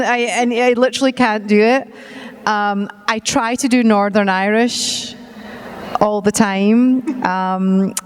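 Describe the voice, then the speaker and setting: A middle-aged Scottish woman speaks in a clean, fairly high voice from a convention hall stage, where she's a panel guest. The large hall surrounds her casual chat, which is full of self-deprecation and frequent laughter.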